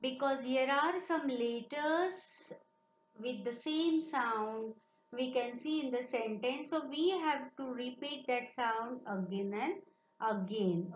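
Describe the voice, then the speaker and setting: A woman teacher with an Indian English accent, a Marathi speaker, giving a slow, encouraging online lesson to children and reading sentences aloud for them to repeat. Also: high-pitched. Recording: echoey lo-fi recording with faint hiss.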